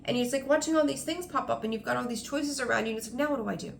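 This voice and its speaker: Woman tarot reader, gravelly fry, rambly and excited, lots of ums. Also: a little high, very fast, slight background noise. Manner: rambling, enthusiastic, frequent ums. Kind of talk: casual tarot reading to camera.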